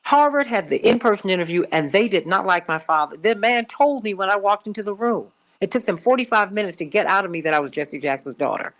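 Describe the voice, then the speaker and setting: A woman's voice: mid-range voice, lively intonation, fast talker, few pauses. A middle-aged woman from Chicago hosting a call-in radio show, telling a personal story emphatically and repeating herself for stress. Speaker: radio talk show host.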